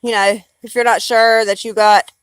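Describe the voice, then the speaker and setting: A woman's voice: a little high, flat delivery, normal speed, smooth, dry recording. A woman with a Southern US accent chatting casually on a live stream, rambling and blunt, swearing freely.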